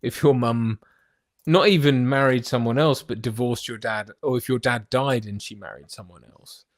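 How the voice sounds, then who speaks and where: A man co-hosting a casual film review chat, enthusiastic and quick to laugh. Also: medium pitch, steady tone, no echo, clean studio sound. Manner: enthusiastic, laughs often, acts out movie lines. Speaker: podcast co-host.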